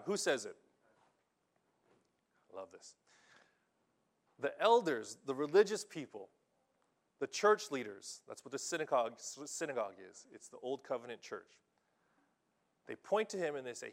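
Male pastor, emphatic preacher, slightly high voice, keeps asking the congregation "okay?". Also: normal speed, pauses often. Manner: animated, emphatic, checks in with listeners. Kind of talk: sermon. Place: church in Japan.

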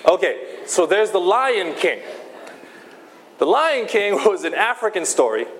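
A man preaching a sermon, slow and emphatic, often repeating his key phrases. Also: high-pitched, very animated, a little hiss or hum. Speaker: pastor.

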